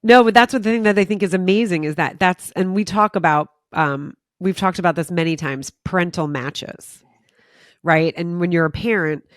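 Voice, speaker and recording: A woman hosting a podcast conversation, telling lively stories and acting out quoted voices, swearing casually. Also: lowish voice, normal speed, no room sound, clean studio sound. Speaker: podcast host.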